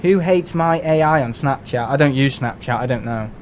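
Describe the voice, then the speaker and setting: A man's voice: medium pitch, normal speed, a little hiss or hum. Chatty English man streaming a game. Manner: chatty, rambling, many restarts and fillers. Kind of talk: casual live-stream chat.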